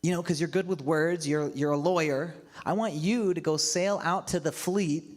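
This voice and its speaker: Eager pleading buddy, pitched up high, voiced by a male preacher. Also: moderate pace, close to an everyday voice. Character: eager, pleading male friend asking a favor.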